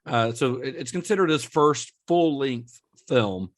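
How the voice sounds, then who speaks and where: A man's voice: medium pitch, lively intonation, a little slow. A man hosting a film podcast in casual chat, explaining at length and laughing often as he talks. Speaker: podcast host.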